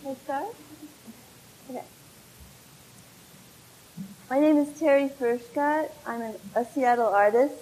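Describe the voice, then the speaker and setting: A woman in her forties opens a public talk about her art. Her voice sits slightly high, and she introduces herself plainly and in a friendly way. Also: slow, long pauses, noisy background. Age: 40s. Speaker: artist giving a talk.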